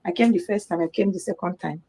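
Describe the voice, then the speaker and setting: Animated Nigerian woman telling a story. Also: fairly low pitch, fast talker, husky. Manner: animated, acts out the quoted voices of others. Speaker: guest on a live discussion program. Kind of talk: personal storytelling in a live talk.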